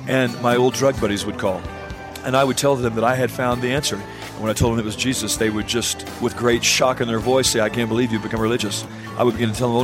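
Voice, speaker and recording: Man telling his story over music. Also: mid-range voice. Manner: earnest storytelling. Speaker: pastor giving testimony. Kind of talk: personal conversion testimony. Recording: music bed underneath.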